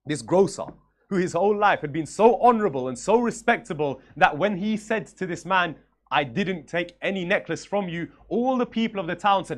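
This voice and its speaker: A man's voice: high-pitched, animated, moderate pace. A young man giving a religious lecture, telling a story in a conversational way and voicing the characters' lines.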